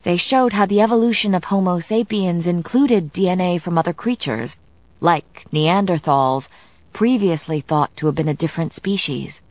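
An audiobook narrator with a low voice reads a novel's first-person scripted narration in a steady, measured way. The recording is close and dry, with no room sound or echo.

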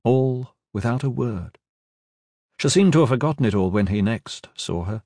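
Male narrator, mid-pitched, reads fantasy action with dramatic intensity, dead-dry close recording. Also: lively intonation, moderate pace, mellow, dry recording. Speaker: audiobook narrator.

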